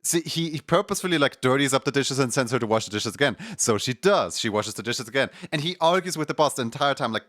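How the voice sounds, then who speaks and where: Casting: male streamer, bright forceful tone, dry close sound, rambling storyteller with lots of "like" and "um". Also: medium pitch, lively intonation, quick pace, hardly any pauses, no room sound. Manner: rambling, many fillers and restarts. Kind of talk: casual chat, retelling a show's plot.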